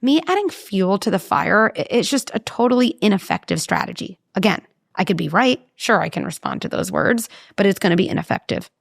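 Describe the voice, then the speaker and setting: A woman talking as a parenting psychologist in an interview, animated and explaining with vivid examples. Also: mid-range voice, fairly quick, gravelly, dry recording, clean studio sound. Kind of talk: conversational interview.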